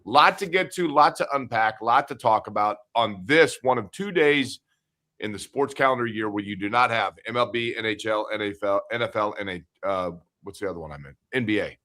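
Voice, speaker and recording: A man's voice: fairly low pitch, a little fast, pushed and bright. A man co-hosting a casual sports talk show from his home studio, chatty and joking. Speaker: podcast co-host.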